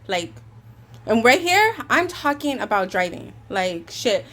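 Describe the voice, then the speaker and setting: A woman's voice: mid-range voice, lively intonation, slow pace, fairly bright tone. A woman telling a storytime vlog in a heated, swearing way, acting out both sides of an argument. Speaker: vlogger; caregiver.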